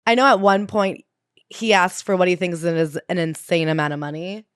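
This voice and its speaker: Animated woman chatting casually. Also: lowish voice, normal speed, no room sound, studio quality. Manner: animated, jokey, reads quotes aloud. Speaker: podcast co-host. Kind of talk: casual book-club chat.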